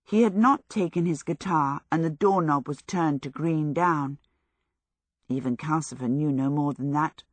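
A woman narrating a storybook in a low, measured voice. The sound is close and dry, with no room around it, and she keeps a steady storytelling rhythm. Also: dry recording. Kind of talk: audiobook narration.

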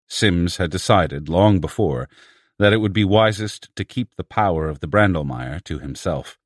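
Deep-voiced male audiobook narrator. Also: animated, unhurried, no echo, studio quality. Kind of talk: scripted narration.

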